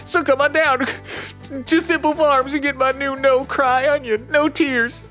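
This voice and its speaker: A man's voice: on the high side, animated, normal speed, fairly bright tone, soft background music. A man playing a weepy hybrid farmer who rambles and bursts into curses while hawking his onions in a comedy sketch ad. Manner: tearful, rambling, cursing outbursts.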